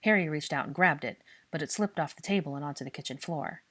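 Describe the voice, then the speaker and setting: A woman reading a fan fiction story aloud in a steady, expressive narration. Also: deep voice, fast talker.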